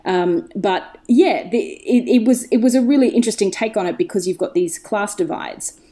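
Mellow-voiced woman chatting enthusiastically. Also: mid-range voice, normal speed. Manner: enthusiastic, digressive storyteller. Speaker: podcast guest. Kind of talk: casual chat.

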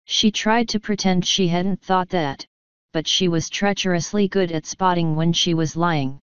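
Smooth low-voiced woman reading a story. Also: fairly even intonation, unhurried, no room sound, dull audio. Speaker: audiobook reader. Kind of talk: scripted audiobook narration.

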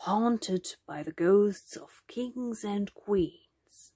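A woman voicing a kindly male bronze lion in a picture-book reading, with a gentle, playful manner. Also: medium pitch, drawn-out words, husky, no room sound, studio quality.

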